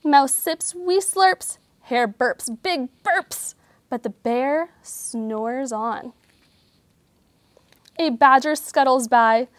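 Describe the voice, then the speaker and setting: A woman nature educator reading a picture book aloud and teaching children about animals, speaking gently. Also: high-pitched, dry recording.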